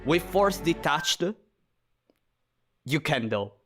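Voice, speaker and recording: Streamer, male, slightly high voice, rambling gameplay chatter, soft game music behind. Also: slow. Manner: rambling, excitable, swears and laughs when surprised. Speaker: streamer playing a shooter game. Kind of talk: casual gameplay commentary.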